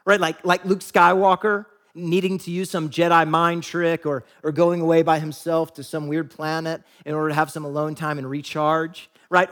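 A pastor giving a sermon in a casual, conversational way, often asking "right?" and acting out quoted lines. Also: male voice, high voice, a bit bright.

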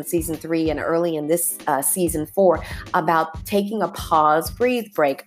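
An animated woman hosts a motivational podcast and talks listeners through slow breaths in a colloquial, encouraging way. Her voice sits fairly low. Faint music plays underneath her. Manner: warm, animated, colloquial with "y'all" asides. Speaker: podcast host.

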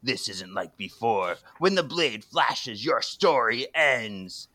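A man playing a slow, looming demon. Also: mid-range voice, animated, sharp tone, dry recording, exaggerated voice. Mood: menacing. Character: glowing-eyed male demon, menacing and grandiose.

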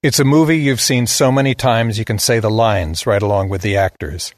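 A man narrates a story in a blunt, sardonic voice. His voice sits on the low side and he delivers the script plainly. The recording is dry and close, with no room echo. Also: fairly quick.

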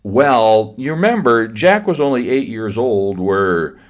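A man's voice: fairly low pitch, animated, slow. An older man tells a bedtime-style story to children in a homespun, folksy way. He repeats words, stumbles over starts, and asks his little listeners questions along the way. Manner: folksy, repetitive, talks to children.

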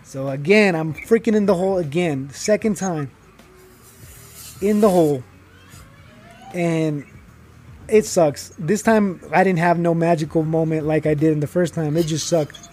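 A young man, telling a personal story in casual talk, animated and full of fillers, acting out the people he quotes. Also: on the high side, a little slow, long pauses. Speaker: guest telling his story.

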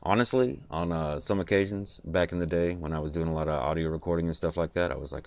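Male podcaster, sick and congested, rumbling low voice, dry close mic, rambling musings. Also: a little fast, dry recording. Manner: rambling, reflective, many fillers. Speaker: podcast host. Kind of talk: late-night solo monologue.

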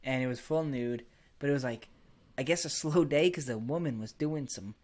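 A man's voice: mid-range voice, moderate pace, a little mellow. A young man hosting a podcast, telling crude, rambling stories and laughing often. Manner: crude, rambling storyteller who laughs a lot. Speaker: podcast host. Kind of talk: casual podcast chat.

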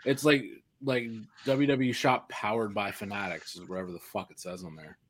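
A man's voice: on the low side, fairly even intonation, normal speed. A man co-hosting a casual podcast, who speaks bluntly and swears freely. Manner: blunt, profane. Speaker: podcast co-host. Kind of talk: casual banter.

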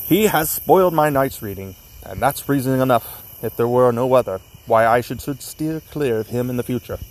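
A man's voice: medium pitch, animated, normal speed, natural voice, rough recording. A man voicing a stolid, irritated young male medical student in a story read aloud. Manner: gruff, exasperated.

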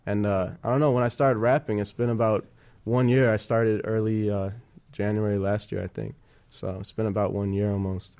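Low-voiced young man, halting chat. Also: flat delivery, a little mellow, clean tone. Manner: halting, many fillers and restarts. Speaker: guest musician. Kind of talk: casual chat.

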